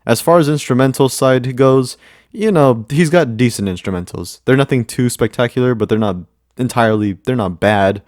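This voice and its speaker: A man's voice: medium pitch, normal speed, darkish tone, no echo, studio quality. A man giving casual commentary as a music reviewer, rambling with many repeats and fillers.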